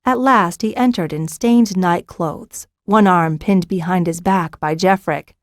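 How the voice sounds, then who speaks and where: Audiobook narrator, female, measured and even, dry studio read. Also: fairly low pitch, no room sound. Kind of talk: scripted narration.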